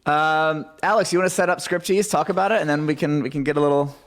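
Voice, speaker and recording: A man's voice: a little high, fast talker. A man co-hosting a casual comedy chat show, rambling and stumbling over his words. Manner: rambling, stammers. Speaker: co-host.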